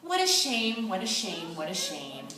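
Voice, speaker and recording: A woman voicing a worried female damselfly who exclaims in a high voice. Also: wildly swooping pitch, a little slow, background noise. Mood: glum. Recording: echoey room, distant mic.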